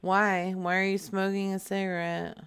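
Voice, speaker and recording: A woman's voice: mid-range voice, level tone, normal speed, a bit bright, clean tone. A young adult woman making a prank phone call, brash and teasing, laughing often. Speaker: prank caller.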